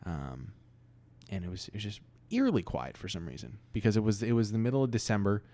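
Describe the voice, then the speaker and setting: A man co-hosting a podcast, telling an improvised story in a halting, rambling way with many restarts. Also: lowish voice, big pitch swings, warm tone. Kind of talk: casual improvised storytelling chat.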